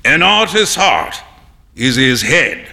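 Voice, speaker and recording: A man reading an audiobook, voicing an amused, worldly young male painter with breezy, teasing, drawn-out emphasis. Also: a little high, very animated, creaky, sharp tone, full character voice. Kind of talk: audiobook narration.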